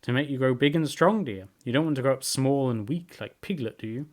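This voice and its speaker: A man's voice: mid-range voice, fairly quick, a little mellow, lightly acted. A man voicing a motherly female kangaroo in a storybook read-aloud, cheerful, soothing and firm. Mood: firmly motherly. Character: motherly kangaroo, brisk and firmly kind.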